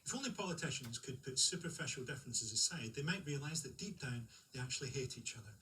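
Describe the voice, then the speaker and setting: A man hosting a comedy show, reading scripted links with dry, deadpan delivery. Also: mid-range voice, fast talker. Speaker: host. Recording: distant mic, faint room noise.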